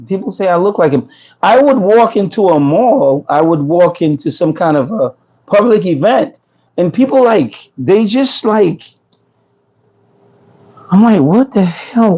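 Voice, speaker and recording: A New York man's slightly high voice comes across creaky, dark and husky on a lo-fi phone recording. He hosts a casual food truck business livestream, reading comments and joking and laughing with viewers while losing his voice.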